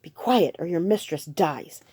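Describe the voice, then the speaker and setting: A woman's voice: fairly low pitch, lively intonation, unhurried, dark tone, breathy edge. A woman reading a guarded young male assassin. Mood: tense. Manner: terse, defensive, urgent pleading.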